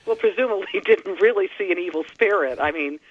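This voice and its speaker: A man's voice: high-pitched, quick pace. A man chatting enthusiastically as a guest on a radio show, with a slightly rambling way of talking. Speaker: studio guest. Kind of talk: casual radio chat. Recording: slightly dull, dry radio sound.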